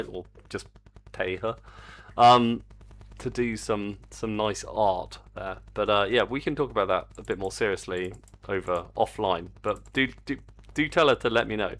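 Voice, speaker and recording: A man live-streaming his game development, chatting casually and excitably, swearing freely, into a desk microphone on a stand. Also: on the low side. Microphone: desk mic on a stand.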